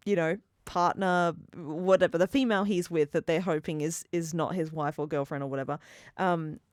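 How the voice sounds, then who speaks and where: A woman's voice: deep voice, steady tone, moderate pace, no room sound, studio quality. A woman co-hosting a podcast, chatting casually about a sitcom, giggling often and swearing freely. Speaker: podcast co-host. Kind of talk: casual chat recapping a sitcom.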